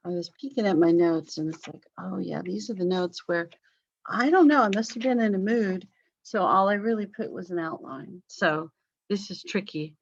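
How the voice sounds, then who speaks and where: A woman's voice: lowish voice, lively intonation, moderate pace, creaky. A woman teaching a history class online, casual and apologetic, with many fillers. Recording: slightly dull lo-fi call audio.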